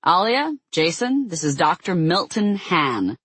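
A narrator doing a booming, genial older businessman. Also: big pitch swings, measured pace, a bit bright, breathy edge, dry recording, heavily acted. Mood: hearty.

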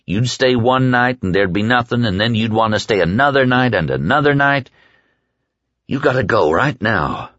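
A man voicing an injured man from East Texas, calm and firm in a plain-spoken drawl. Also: mid-range voice, moderate pace, no room sound, pitched above the performer's own voice, natural voice. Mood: gentle. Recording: dull lo-fi dry recording.

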